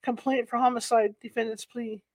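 A woman's voice: a little high, flat delivery, moderate pace, darkish tone, no room sound. Woman narrator reading history aloud, unrehearsed, catches on hard words, dead dry sound. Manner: unpolished reading, stumbles over words and corrects herself.

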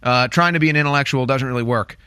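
A man's voice: mid-range voice, fast, sharp tone, clear, resonant tone, no echo, clean studio sound. A man hosting a talk radio show, commenting in an indignant, mocking way and repeating his points.

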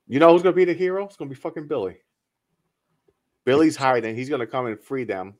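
A man's voice: medium pitch, fast. A man chatting casually and swearing a lot as he comments on a film he is watching with friends. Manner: profane, animated commentary on a film. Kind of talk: casual reaction chat.

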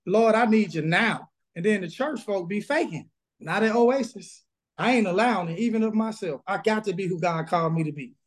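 A man's voice: high-pitched, a little fast. A man who pastors a church, talking bluntly and emphatically in an interview over a video call, with a Southern accent. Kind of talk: casual interview, preaching energy.

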